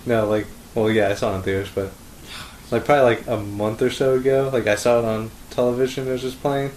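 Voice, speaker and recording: A man's voice: medium pitch, fairly even intonation, quick pace, a little mellow, echoey room, poor audio. Male podcast co-host, easygoing and giggly, lots of filler words, faint noise. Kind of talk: casual chat.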